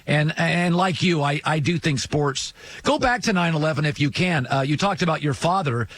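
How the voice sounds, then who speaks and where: A man's voice: fairly high pitch, animated, normal speed, fairly bright tone. Male sports talk host over faint hiss. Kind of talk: interview conversation.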